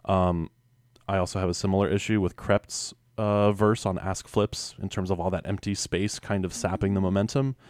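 Low-voiced man reviewing songs. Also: level tone, darkish tone, dry recording, clean studio sound. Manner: fast, analytical, with fillers and hedges. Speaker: music podcast co-host. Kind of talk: casual music review chat.

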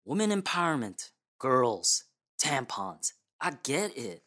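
An actor playing a scheming young man in an audio drama, with a dry, deadpan, matter-of-fact delivery. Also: medium pitch, takes it slowly, exaggerated voice. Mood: sly.

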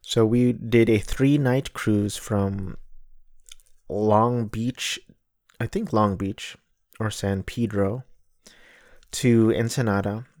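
A man's voice: on the low side, steady tone, slow, long pauses, a little mellow, no echo, studio quality. A man in his thirties telling a rambling travel story in a casual, wry way, often correcting himself mid-sentence. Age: 30s.

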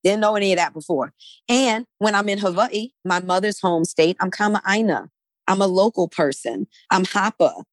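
A woman's voice: medium pitch, normal speed, no echo. Woman guest in a conversation, emphatic, keeps tagging points with "right?", mid-range voice, close dry sound. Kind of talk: conversational discussion.

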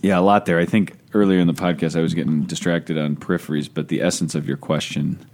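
A man hosting a podcast, speaking thoughtfully and deliberately with pauses and fillers. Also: a bass voice, fairly even intonation, a little mellow. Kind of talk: casual podcast conversation.

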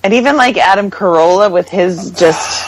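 A woman's voice: mid-range voice, normal speed, dry recording, low-quality recording. A woman co-hosting a podcast, chatting casually and acting out what others said with exasperation. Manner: animated, exasperated, acts out quotes. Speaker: podcast co-host. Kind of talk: casual chat.

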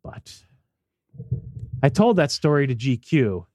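A man co-hosting a podcast tells a story in casual chat. He acts out the voices in his story. His pitch swings widely, and the sound is dry and close. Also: slow pace, no room sound. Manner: animated, acts out voices in quotes. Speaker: podcast co-host.

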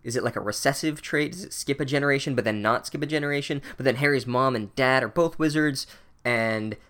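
A man recapping a book chapter with deadpan sarcasm and profane asides. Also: medium pitch, brisk.

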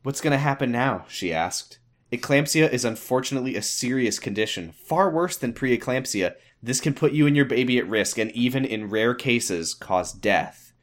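A man reads a melodramatic fanfic aloud for a comedy podcast, giving its lines mock gravity. His pitch swings widely and he breaks into laughter often. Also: expressive, normal speed. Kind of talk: comedic dramatic reading with banter.

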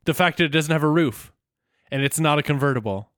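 A man's voice: fairly high pitch, fast talker, a bit bright, no echo, studio quality. A man co-hosting a podcast, chatting playfully and jokingly while recapping a cartoon episode. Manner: playful, giggly, jokey. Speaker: podcast co-host.

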